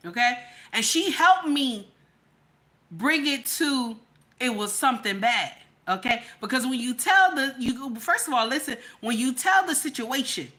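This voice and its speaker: A woman's voice: a little high, bright, forceful tone. A woman telling a personal story as relationship advice, emphatic and constantly checking in with her listeners. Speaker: vlogger giving relationship advice.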